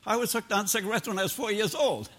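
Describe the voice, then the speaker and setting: Mixing scripture with personal stories, an older preacher talks plainly and homespun, dropping into everyday grammar. He's a fast talker with a high-sitting, slightly bright voice.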